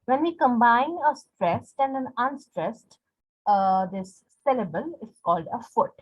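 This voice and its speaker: Husky woman teaching with exaggerated stress. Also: fairly high pitch, a little slow. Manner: explains step by step, repeating example words with exaggerated stress. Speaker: poetry teacher. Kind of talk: explanatory lesson. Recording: dull lo-fi recording.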